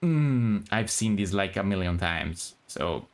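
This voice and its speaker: Man, low voice, relaxed, hesitant, casual streamer chat. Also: takes it slowly. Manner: relaxed, hesitant, many restarts. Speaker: streamer reading a visual novel aloud. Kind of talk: casual chat and reading aloud.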